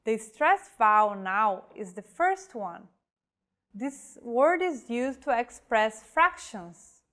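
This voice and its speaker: A woman with a slightly high voice gives a scripted pronunciation lesson. She speaks slowly and carefully, pausing over each example word as if spelling it out for a beginner. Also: animated, a bit bright. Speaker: language teacher.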